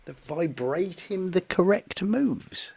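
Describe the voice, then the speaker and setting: A man's voice: high voice, expressive, slow, vocal fry, a loud crowd. A man co-hosting a casual comedy podcast, throwing in sarcastic quips and swearing. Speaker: podcast co-host.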